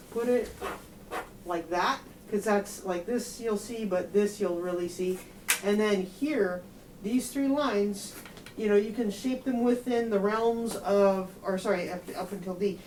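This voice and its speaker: A euphonium teacher with a medium-pitched, darkish voice gives a student one-on-one feedback, speaking directly, explaining with everyday comparisons and singing rhythms on nonsense syllables. A little hiss or hum sits under the recording.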